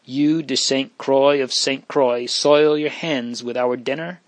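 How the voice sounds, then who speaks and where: Male reader voicing a proud young noble girl, storybook, unforced, mid pitch. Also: fairly even intonation, slow, no room sound, close to an everyday voice. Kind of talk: audiobook reading.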